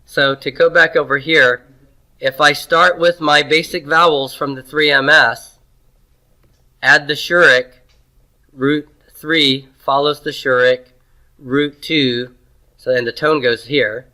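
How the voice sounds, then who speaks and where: A man's voice: on the high side, fairly even intonation, slow, long pauses, pushed and bright, rough recording. A man lecturing a class, drilling pronunciation and asking questions. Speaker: teacher.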